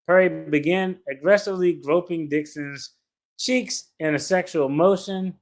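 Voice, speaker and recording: A man giving casual reaction commentary as he reads a legal complaint aloud, blunt and profane, with slangy asides. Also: a little high. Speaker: attorney reacting to a lawsuit.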